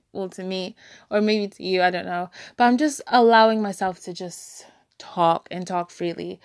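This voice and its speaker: A woman sharing her feelings in a candid personal monologue, halting and searching for words, becoming emotional. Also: medium pitch, dry recording, studio quality. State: tearful, emotional.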